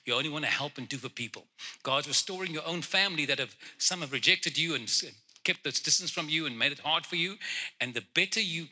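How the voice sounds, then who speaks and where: A man delivers personal prophecies to the congregation in a direct way, breaking into teasing jokes and laughter. His voice is very bright and forward, with a husky, breathy edge. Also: a little high, fast talker. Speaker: guest prophet. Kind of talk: prophetic ministry to individuals.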